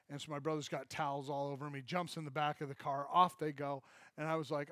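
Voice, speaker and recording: A man preaching a sermon as pastor, telling a funny story from childhood with lively acted-out quotes. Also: a little high, fairly quick, no echo, clean studio sound. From Michigan. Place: church.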